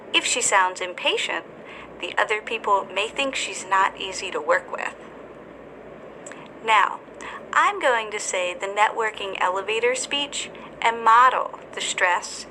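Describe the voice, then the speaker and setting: Bright-voiced woman narrating a lesson. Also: mid-range voice, a little hiss or hum, low-quality recording. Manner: slow, deliberate, careful enunciation. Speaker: English teacher.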